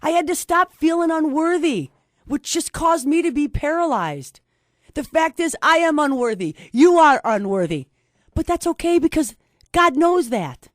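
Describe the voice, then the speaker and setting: Emphatic high-voiced woman speaker. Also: sing-song, measured pace, dry recording, studio quality. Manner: emphatic, preacherly, repeats key phrases. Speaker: host and speaker. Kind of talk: faith-based motivational talk.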